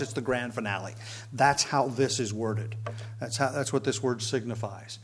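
A man's voice: mid-range voice, moderate pace, husky. A man teaching verse by verse through a Bible passage, explaining as he goes, with frequent ums and restarts.

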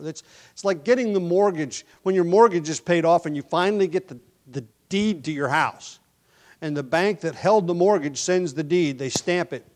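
A man preaching a sermon. He often drops to a soft, hushed voice and then rises to loud, emphatic lines, and he sometimes restarts or repeats words while he explains. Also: on the high side. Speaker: pastor.

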